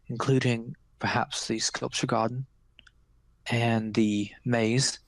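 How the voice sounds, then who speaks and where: A man voicing a scheming, coolly menacing noble widow of a powerful necromancer, with a measured delivery. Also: medium pitch, no echo, natural voice.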